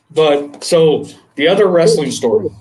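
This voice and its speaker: A man co-hosting a podcast, telling a long story in casual, animated chat and swearing freely. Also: fairly high pitch, a little hiss or hum. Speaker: podcast co-host.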